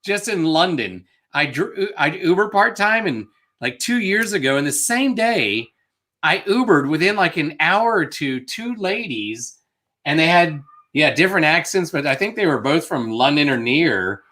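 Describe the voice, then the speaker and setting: Chatty bright-voiced man. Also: fairly high pitch, unhurried. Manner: chatty, rambling, animated. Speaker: co-host of a reseller live show. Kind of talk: casual chat on a live stream.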